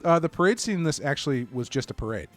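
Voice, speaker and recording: A man's voice: a little high, animated, fast talker, soft background music. A man co-hosting a casual horror movie podcast, rambling with lots of fillers and restarts. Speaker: podcast co-host.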